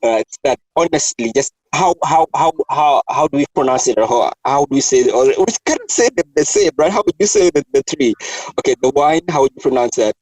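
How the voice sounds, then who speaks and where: Lively man hosting a casual chat. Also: mid-range voice, brisk, hardly any pauses, dry recording, poor audio. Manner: animated, laughs often, restarts a lot. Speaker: host.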